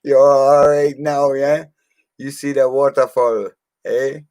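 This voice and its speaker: A man imitating a cheerful woman barmaid with a put-on Jamaican accent, speaking high and shouty in a teasing way. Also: little pitch movement, takes it slowly, dry recording.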